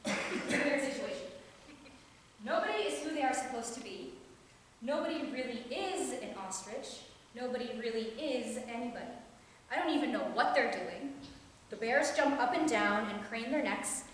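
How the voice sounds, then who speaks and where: Lively high-voiced woman performing on stage. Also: moderate pace, slight background noise. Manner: animated, addresses the audience directly, laughs often. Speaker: stage actor. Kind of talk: live solo theatre performance. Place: theatre stage. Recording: echoey hall recorded from far off.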